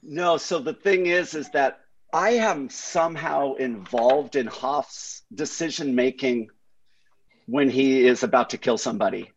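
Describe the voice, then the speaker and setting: A man's voice: mid-range voice, a little slow. A man chatting casually, telling anecdotes and acting out his friends' lines. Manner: animated storyteller who acts out friends' lines. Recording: slightly dull, lo-fi audio.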